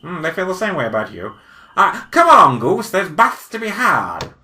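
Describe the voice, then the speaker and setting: A woman voicing an excitable male time-travelling weasel doctor in a hobby audio drama, theatrical and bossy. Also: fairly low pitch, normal speed, heavy background noise. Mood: excited. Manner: theatrical, bossy, easily bored.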